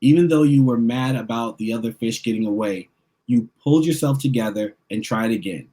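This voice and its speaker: A man's voice: mid-range voice, brisk, close to an everyday voice. A man reading a patient, loving storybook dad. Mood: gentle. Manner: calm, gentle, instructive. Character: patient, loving father teaching his son.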